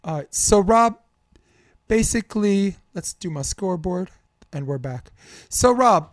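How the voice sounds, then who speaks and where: A man's voice: sits high, expressive, measured pace, dry recording, clean studio sound. A man hosting a casual sports debate podcast, a coach and commentator, talking candidly and rambling with fillers.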